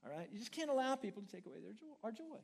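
A male pastor with a notably high voice delivers a lively sermon. He talks in a folksy, humorous way, swinging between loud, emphatic bursts and quieter asides. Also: racing, vocal fry, slightly rough.

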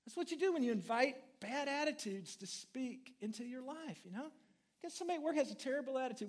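A man preaching a sermon as pastor, animated and humorous, swinging between loud bursts and quiet asides. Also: very high-pitched, quick pace. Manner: humorous, folksy.

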